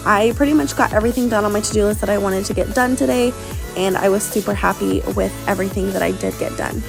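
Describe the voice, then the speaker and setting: A young Missouri woman in her twenties vlogs from home, her medium-pitched voice gravelly and out of breath. She rambles chattily with lots of fillers, talking to camera and doing voice-over, recorded on a phone propped in a bathroom cabinet.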